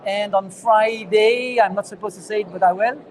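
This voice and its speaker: A man with a French accent answering interview questions as a founder, earnest and halting with fillers. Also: sits high, fairly even intonation, low-quality recording. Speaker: startup founder, guest. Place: conference venue.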